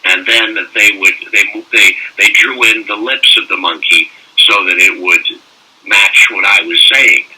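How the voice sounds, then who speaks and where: An older man, a voice actor, telling animated anecdotes in a casual interview and slipping into mock French-accent bits. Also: lowish voice, measured pace, husky. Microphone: phone call. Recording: distant phone-call audio.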